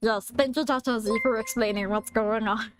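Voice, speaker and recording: A woman's voice: fairly high pitch, steady tone, normal speed, background noise, lightly acted. A woman doing Stitch in a British accent. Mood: explaining. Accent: put-on British. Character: small mischievous alien creature.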